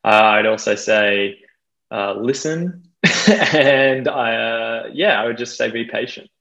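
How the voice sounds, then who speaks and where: Australian guy in his twenties, relaxed podcast guest, loose and filler-heavy, mid-range voice, a bit dull on the recording. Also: medium pitch, slow pace, gravelly. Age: young adult. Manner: chatty, self-deprecating, laughs often, many fillers. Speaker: guest DJ and producer. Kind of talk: casual interview chat.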